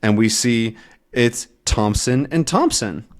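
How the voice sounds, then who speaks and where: A man teaching English by explaining a comic, talking slowly and clearly and often checking with "right?". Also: mid-range voice.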